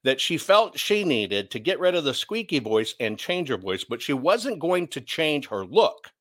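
A man's voice: a little high, big pitch swings, normal speed, fairly bright tone. A man hosting an opinionated commentary show, blunt and sarcastic as he rants. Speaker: commentary host.

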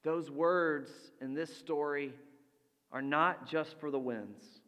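A man preaching a sermon as pastor, slow and deliberate, letting his voice drop soft for quoted lines. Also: a little high, smooth. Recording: long reverb of a large hall.

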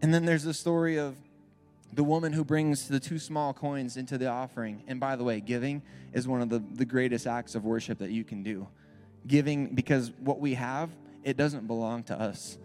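Man preaching in church, casual and conversational, mid-pitched voice, faint music behind. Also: fairly even intonation, moderate pace, a little mellow. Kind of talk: sermon.

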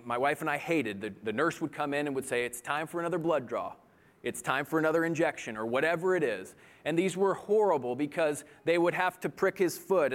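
Earnest male preacher, slightly high voice. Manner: earnest, rising to impassioned pleading. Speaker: pastor. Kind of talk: sermon.

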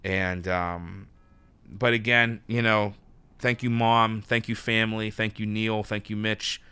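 30s guy podcasting solo from his apartment, nervous and rambly, lowish bright crisp voice, dry sound. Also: little pitch movement, takes it slowly, no echo. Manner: emotional, rambling with restarts. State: nervous and flustered. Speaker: podcast host. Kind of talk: solo thank-you monologue. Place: his New York apartment.

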